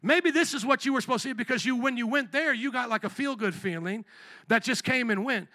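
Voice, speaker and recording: A man's voice: extremely high pitch, pushed and bright, no room sound. A man preaching a sermon as pastor, blunt and direct, acting out little voices of other people as he makes his points.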